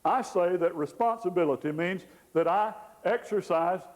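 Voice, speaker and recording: A man gives a folksy teaching talk, playfully voicing the people in his examples. His voice sits high for a man. It rings out with a long reverb, as in a big hall. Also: normal speed, a little mellow. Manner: folksy, acts out quoted people with humor. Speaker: Christian counselor teaching.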